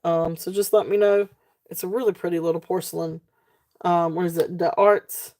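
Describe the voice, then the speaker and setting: A woman with a Southern twang hosts a live jewelry sale in an easygoing, rambling way. Her voice sits a little low and sounds soft and mellow rather than bright. She chats loosely with her viewers, drifting onto tangents and laughing often. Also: steady tone, moderate pace. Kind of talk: casual live-stream selling chat.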